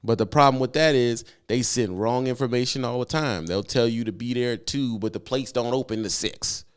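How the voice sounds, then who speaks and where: A man's voice: medium pitch, a little fast, smooth. A man, a truck driver, rants casually on his own channel, emphatic and repeating himself for effect. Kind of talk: casual vlog rant.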